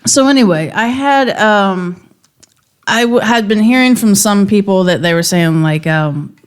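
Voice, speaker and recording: A woman's voice: mid-range voice, a little slow, clear, resonant tone. A chatty woman on a casual podcast spins long personal stories. Her talk is full of fillers like "like" and "you know". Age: adult mother. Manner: chatty storyteller, lots of fillers. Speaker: podcast co-host. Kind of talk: casual chat.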